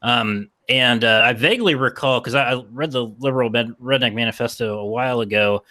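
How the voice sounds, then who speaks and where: A man's voice: medium pitch, a little fast, pushed and bright. A man from West Virginia hosting a podcast, talking in a rambling, casual way and swearing freely. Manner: rambling, lots of fillers and restarts, swears freely. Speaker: podcast host.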